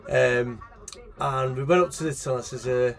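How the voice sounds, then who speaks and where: A middle-aged man with a Manchester accent, telling a childhood story in a casual, animated way, swearing freely and acting out the people in it. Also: mid-range voice, normal speed. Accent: Manchester English. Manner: swears freely, animated, acts out voices in the anecdote. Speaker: shop owner telling a story.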